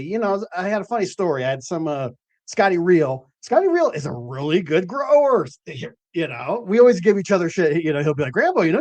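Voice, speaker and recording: A man's voice: high-pitched, a little mellow, no echo. A man hosting a late-night cannabis show, telling stories in a loose, rambling way with lots of fillers and the odd swear word. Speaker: host of a cannabis growing show.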